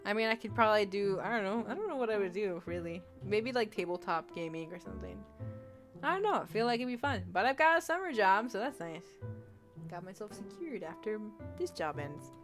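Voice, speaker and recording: A woman's voice: mid-range voice, animated, brisk. A young woman in her twenties chatting casually while streaming a game, giggly and rambling with many fillers. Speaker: streamer playing a game and reading chat. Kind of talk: casual let's-play chat. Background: faint game music.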